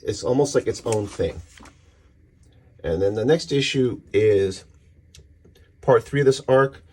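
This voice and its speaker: A man casually walking through a comic issue page by page, talking in a relaxed, rambling way with many fillers. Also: mid-range voice, unhurried, a little hiss or hum. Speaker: comic book reviewer.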